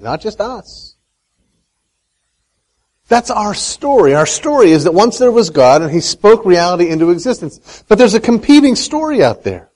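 Guy giving a talk to a crowd, voice goes way up and down, kinda high, keeps asking the room stuff. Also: poor audio. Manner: animated, asks the audience questions, tells a folksy story. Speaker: speaker on Christian economics. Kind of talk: lively talk to a live audience.

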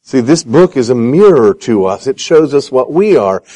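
A man's voice: medium pitch, normal speed, rough recording. A man preaching a sermon, telling Bible stories with self-deprecating humor and acting out the voices he quotes. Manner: animated, acts out quoted voices.

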